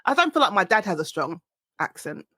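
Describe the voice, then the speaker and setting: Lively South East London woman, dry sound. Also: mid-range voice, a little fast, husky, dry recording. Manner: animated storytelling with laughter. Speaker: podcast host. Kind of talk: casual conversation.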